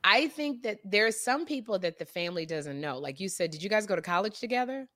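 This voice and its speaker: A woman's voice: medium pitch, fast talker, no echo. Talkative woman podcast host, dry sound. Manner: talkative, animated, repeats and restarts herself. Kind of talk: casual podcast chat.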